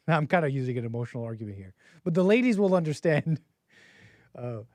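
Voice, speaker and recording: A man's voice: medium pitch, sing-song, brisk, a little mellow, dry recording. Chuckling, rambling livestream host man. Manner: rambling, chuckling, reads viewer messages aloud. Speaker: host of a call-in stream. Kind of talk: casual livestream commentary.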